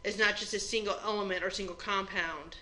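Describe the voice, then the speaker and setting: Woman, chemistry teacher, exam review lecture, step-by-step, conversational, bright clear voice. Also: mid-range voice, fairly even intonation, fairly quick, low-quality recording. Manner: explains step by step in a plain conversational way. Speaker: chemistry instructor.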